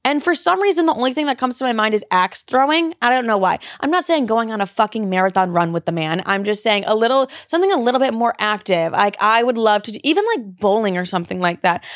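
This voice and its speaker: A woman's voice: fairly high pitch, no room sound, clean studio sound. A young woman hosting a podcast, giving casual dating advice in a blunt, chatty way and swearing freely. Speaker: podcast host.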